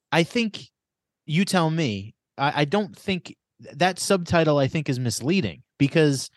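A man's voice: on the high side, no room sound, clean studio sound. A man co-hosting a podcast in casual chat, telling rambling anecdotes full of restarts and fillers. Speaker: podcast co-host. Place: Los Angeles.

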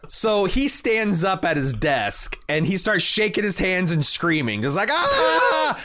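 Male storyteller, thirties, Indiana-raised; lively, swinging delivery, casual and profane. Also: high voice, a little slow. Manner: animated storyteller, swears freely, lots of fillers. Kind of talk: casual chat.

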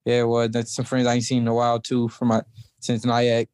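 A man's voice: medium pitch, completely flat delivery, brisk, darkish tone, smooth, no echo. A young man from South Georgia, a college wrestler talking in a laid-back, casual way as an interview guest. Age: young adult. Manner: laid-back, heavy use of "like".

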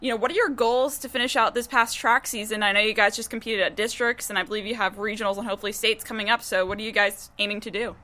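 Bright, chatty female co-host. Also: mid-range voice, fairly even intonation, quick pace, few pauses. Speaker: podcast co-host. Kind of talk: sports podcast chat.

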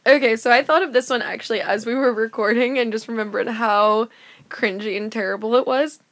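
A young woman with a high voice co-hosting a chatty podcast, recorded close in a dry, dead room. She talks with lots of "like" and dissolves into laughter. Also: brisk, no echo. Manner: animated, laughs until crying, lots of "like". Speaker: podcast co-host. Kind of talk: casual chat.

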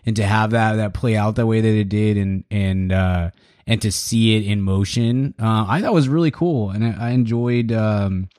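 A man with a lower voice talks casually on a podcast. He is relaxed and measured, with a dry, close sound. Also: dry recording. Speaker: podcast co-host. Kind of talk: casual chat about movies.

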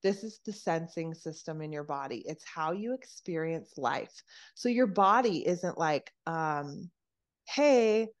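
This podcast guest, a woman with a low-pitched voice and measured pace, talks through nervous system regulation in a relaxed chat. She swears freely and animatedly acts out quoted voices.

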